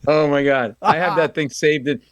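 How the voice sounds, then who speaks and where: A man telling a comic story as a radio guest, animated and self-mocking, acting out the voices in it. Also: a little high, normal speed, dry recording, clean studio sound. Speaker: comedian guest.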